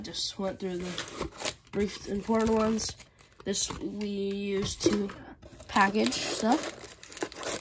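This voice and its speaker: A woman's voice: medium pitch, background noise. A woman hosting her channel in a casual unboxing chat at home, who has the hiccups and lists items one by one. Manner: unhurried, listing items one by one. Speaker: channel host. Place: at home, indoors. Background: faint TV sound and packaging crinkles.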